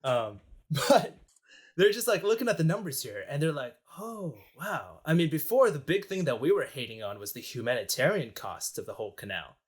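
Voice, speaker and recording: A man's voice: mid-range voice, sing-song, fairly quick. A young man casually telling history on a podcast, joking and rambling with many fillers. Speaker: podcast co-host.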